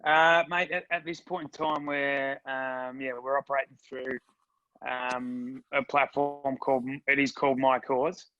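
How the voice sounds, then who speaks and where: A man's voice: medium pitch, flat delivery, a little slow, bright, forceful tone, no echo, dull audio. A man talking casually as a guest about his fundraiser, hesitant with many ums. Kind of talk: casual interview.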